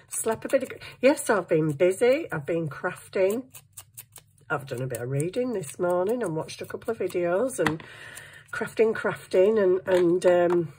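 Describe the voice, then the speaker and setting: Husky woman chatting over crafts. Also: lowish voice, a little mellow. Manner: rambling, self-mocking, talks to herself while working. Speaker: craft vlogger. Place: home craft desk.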